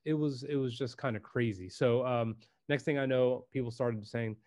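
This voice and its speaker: A man's voice: medium pitch, normal speed, hardly any pauses. A man as a podcast guest, telling his story casually, saying "dude" a lot and swearing freely. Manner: laid-back, swears freely, says "dude" often; acts out quotes in lively voices. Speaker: podcast guest, personal branding videographer.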